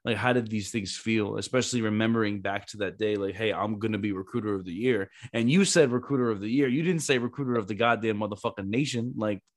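A lower-pitched man hosts a podcast in casual talk. He is animated and swears freely, stringing his stories together in long run-on stretches. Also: quick pace, hardly any pauses. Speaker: podcast host, former Marine recruiter. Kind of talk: casual chat.

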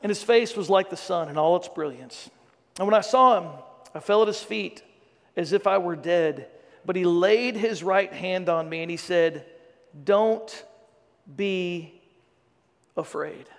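High gravelly pastor preaching in a hall. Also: male voice, a little slow. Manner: dramatic scripture reading with joking asides. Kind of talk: sermon with scripture reading. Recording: long reverb of a large hall.

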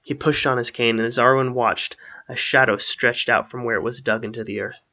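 A man narrating a fantasy story aloud in a steady storytelling manner. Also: mid-range voice, brisk, lo-fi sound.

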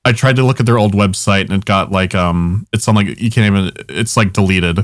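A man's voice: low voice, fairly quick, no room sound, studio quality. A young man casually telling a long, rambling story on a podcast, swearing often and laughing at his own jokes.

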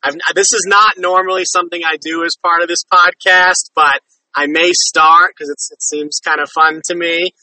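Bright, friendly podcast host man. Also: fairly high pitch, level tone, moderate pace, no room sound, far from the mic, rough recording. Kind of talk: casual interview chat.

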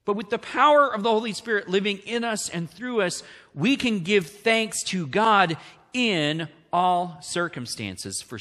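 A man preaching a sermon as pastor, animated and often asking the congregation questions. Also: on the high side. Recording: long hall reverb.

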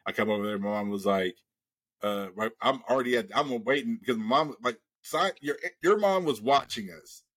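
A man's voice: medium pitch, moderate pace, fairly bright tone, slightly rough. A man hosting a podcast, telling a long profane story in casual chat and acting out the voices of the people in it. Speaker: podcast host.

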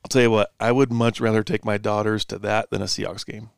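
A man's voice: lowish voice, level tone, fast, gravelly, clear, resonant tone, no room sound, studio quality. A man co-hosting a casual sports chat, telling stories with a laid-back manner and frequent laughs. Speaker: co-host.

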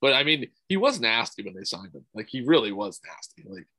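A young man co-hosting a casual fight podcast, profane and excitable, saying "dude" a lot. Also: mid-range voice, a little fast, no echo, low-quality recording. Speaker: podcast host. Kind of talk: casual MMA podcast chat.

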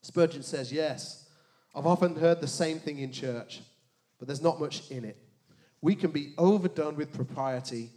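A man preaching a sermon, animated, with joking asides and dramatic hushed emphasis on key words. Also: a little high, unhurried. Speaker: pastor.

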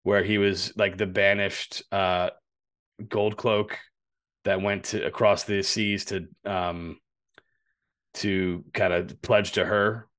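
A man co-hosting a podcast in casual chat, telling stories in a loose, profane, animated way. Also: deep voice, slow pace. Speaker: podcast co-host.

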